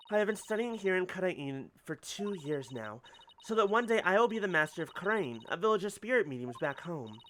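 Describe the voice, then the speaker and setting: A man's voice: high-pitched, big pitch swings, normal speed, pushed and bright, a little hiss or hum, heavily acted. A man voicing a confident, cheerful young female spirit medium in a game. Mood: solemn, confident. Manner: upbeat, self-assured.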